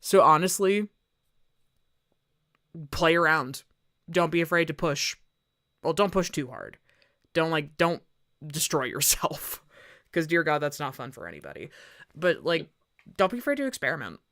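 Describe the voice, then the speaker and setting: A woman's voice: low-pitched, sing-song, a little slow, long pauses, fairly bright tone. A woman voice actor chatting casually on an art stream, telling rambling stories. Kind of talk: casual chat while drawing on stream.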